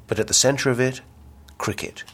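A man's voice: medium pitch, fairly quick, fairly bright tone, voice pushed up. A man voicing a brash, ambitious businessman with big schemes, reading the dialogue aloud in a pushy salesman's patter. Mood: grandiose. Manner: salesman patter, insistent and grandiose.

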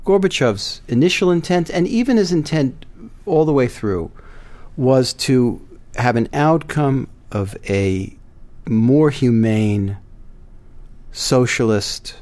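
A man discussing politics on a panel, measured and hesitant, with many fillers and restarts. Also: mid-range voice, expressive, a little mellow, no room sound. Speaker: guest commentator.

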